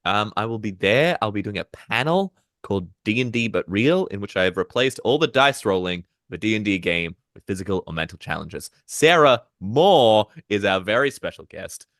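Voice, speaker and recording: A man playing in the game who chats casually, hesitant with many ums and quick laughs. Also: on the low side, expressive, a bit bright, no echo, clean studio sound. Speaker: player and content creator. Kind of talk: casual chat.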